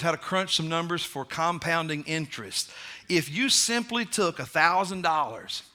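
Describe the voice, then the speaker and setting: A man's voice: a little high, sharp tone. A man with a Kentucky accent, preaching a sermon in church in a plain, conversational way with fillers and restarts. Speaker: pastor. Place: church sanctuary.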